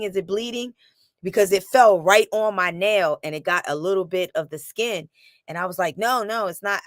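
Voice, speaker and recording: Low-voiced woman telling a lively story. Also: dry recording, clean studio sound. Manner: animated storytelling, acts out quotes and repeats phrases. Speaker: vlogger. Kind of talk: casual chat to camera.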